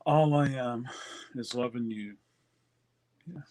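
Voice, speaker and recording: A man's voice: medium pitch, takes it slowly, a little hiss or hum. Guy running a record stream, rambly and laid back, lots of ums, faint clicking behind him. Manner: relaxed, rambling, with many fillers and restarts. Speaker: record dealer hosting a live stream. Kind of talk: casual live-stream chat reading viewer comments.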